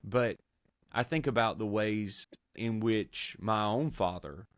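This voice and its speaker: Male pastor-host, low voice, earnest and measured, dry recording. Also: no room sound. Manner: measured, earnest, with frequent fillers and restarts. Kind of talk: conversational theology discussion.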